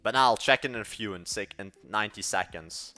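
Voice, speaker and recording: Coding live, an eighteen-year-old Dutch-accented man from Belgium chats loosely and slangily to his viewers, muttering as he goes. He speaks a little fast in a fairly low voice that's bright and forceful, over faint background music.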